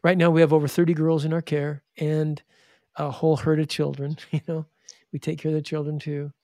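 A man telling stories in an interview in an animated way, often restarting and acting out the people he quotes. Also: a little high, a little fast, dry recording, studio quality. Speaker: charity founder and guest. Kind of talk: interview storytelling.

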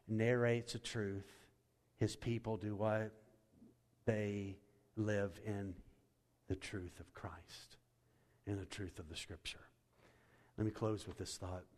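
Man, pastor, sermon, soaring then hushed delivery, long hall reverb. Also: lowish voice. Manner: preaching with wide swings from loud and soaring to hushed.

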